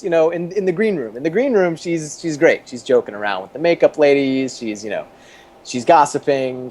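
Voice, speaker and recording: A man's voice: mid-range voice, slight background noise. A man in his thirties, an interview guest and former TV producer, telling stories casually with many restarts and chuckles.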